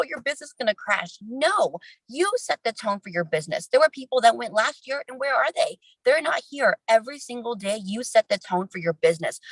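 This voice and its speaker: A woman giving a casual, energetic motivational talk on a livestream, chatty, with quick asides and self-interruptions. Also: on the high side, dry recording, low-quality recording. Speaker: team leader sharing a conference recap.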